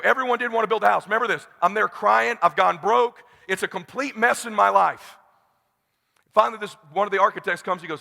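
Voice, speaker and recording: A man from Southern California speaks on stage at a conference, and he brings his stories to life. His high, bright voice has a gravelly edge and carries a long echo through a big hall. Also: brisk. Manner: animated, acts out characters in his stories. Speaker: motivational speaker. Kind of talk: stage keynote storytelling. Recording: echoey hall.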